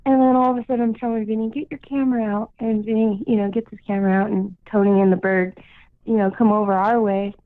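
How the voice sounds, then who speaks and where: A woman's voice: medium pitch, fairly even intonation, quick pace, dry recording. A woman calling in to a radio show, telling a story casually, with lots of "like" and "you know". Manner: chatty, full of "like" and "you know". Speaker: caller. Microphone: phone. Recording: tinny phone line.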